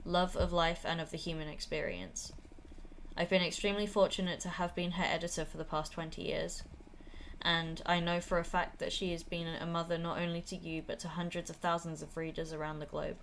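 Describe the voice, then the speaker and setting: A woman's voice: on the low side, little pitch movement, fairly quick, a bit bright, a little hiss or hum. Woman reading as an earnest male editor. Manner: earnest, formal. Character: middle-aged male editor giving eulogy.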